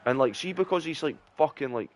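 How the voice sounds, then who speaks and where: A young Scottish man chats casually while streaming, his voice a little high and expressive. He talks a little fast and rambles, swearing heavily and using lots of fillers.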